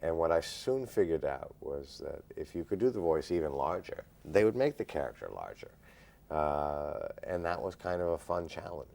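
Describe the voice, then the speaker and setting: A male actor answering interview questions in a measured, thoughtful way, pausing often. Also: extremely low pitch, sing-song, gravelly, darkish tone. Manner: measured, thoughtful, frequent "uh" pauses.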